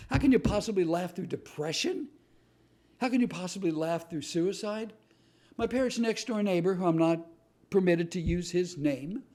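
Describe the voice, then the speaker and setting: A man speaks in a warm, somewhat high voice. He tells stories with animated, punchy emphasis, often repeating a phrase for effect, like a motivational speaker. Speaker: host and author. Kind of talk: motivational talk.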